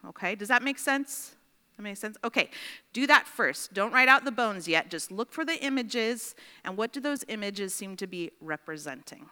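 A woman's voice: medium pitch, expressive, normal speed, sharp tone, smooth, long reverb tail. A woman teaching a Bible study class in a chatty way, often checking in with her students.

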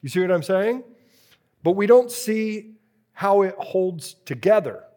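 A man teaching a preaching workshop to a live group, slow and deliberate, repeating key phrases as he works through a drawing. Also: high-pitched, animated, dark tone.

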